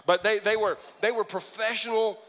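A man preaching a sermon as pastor, telling the story with lively, jokey asides. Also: high voice, normal speed. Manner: lively storytelling with acted-out quips.

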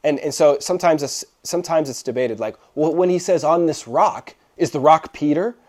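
Delivering an easygoing, conversational sermon, the young pastor regularly checks in with listeners mid-explanation. His voice runs fairly high and a touch mellow, at an ordinary speed.

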